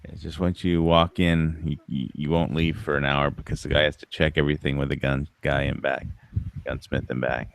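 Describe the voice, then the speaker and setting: A man's voice: a bass voice, flat delivery, normal speed, gravelly, dry recording. A man cracking crude jokes in a casual chat. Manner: crude joking interjections. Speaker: lobby chat regular.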